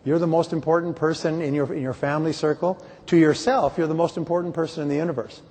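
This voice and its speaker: A man's voice: fairly high pitch, steady tone, fast, a little mellow. A middle-aged man giving a motivational conference speech, emphatic and repetitive, with joking stories. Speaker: motivational speaker. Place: large conference hall. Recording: reverberant hall, from far off.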